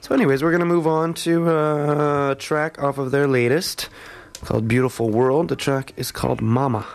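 A man's voice: medium pitch, fairly even intonation, moderate pace, vocal fry, no echo. A man hosting a morning show in a radio studio, casually back-announcing songs with lots of fillers. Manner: laid-back, rambling with many fillers. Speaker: radio host.

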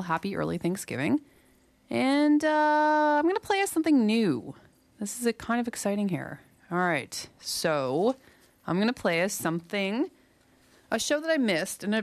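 A young woman hosts a campus radio show, chatting loosely between songs and laughing at her own slips. Her voice is on the low side with a gravelly edge. She sounds a little out of breath, close on a dry studio microphone. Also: no room sound. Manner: chatty and rambling, self-correcting, laughing at herself. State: slightly out of breath. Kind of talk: casual on-air chat between songs.

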